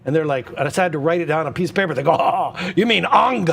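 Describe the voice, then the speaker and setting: Excitable rambling man hosting an auction. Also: fairly high pitch, very fast, vocal fry. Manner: rambling, excitable, goes off on tangents. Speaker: auction host. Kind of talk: live-stream auction patter.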